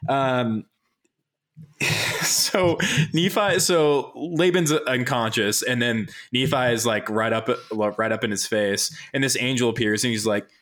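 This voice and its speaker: A man's voice: mid-range voice, fairly even intonation, slow, fairly bright tone. A man hosting a casual chat, recapping a movie in a joking, profane, rambling way. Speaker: podcast host.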